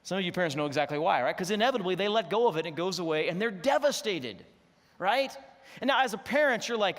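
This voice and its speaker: A middle-aged male pastor preaching in a lively, conversational way with a fairly high voice. His words ring out with the long reverb of a church sanctuary. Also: quick pace. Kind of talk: sermon.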